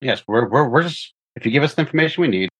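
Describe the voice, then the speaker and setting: A man playing a tabletop game, speaking haltingly and repeating words. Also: medium pitch, expressive, fairly bright tone, breathy edge. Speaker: player. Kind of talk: casual tabletop game play.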